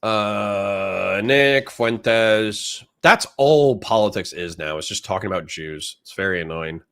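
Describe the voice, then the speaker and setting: A man's voice: on the low side, lively intonation, slow, vocal fry, fairly bright tone. A man live-streaming commentary on a debate, ranting and swearing in exasperation. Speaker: livestreamer reacting to a debate.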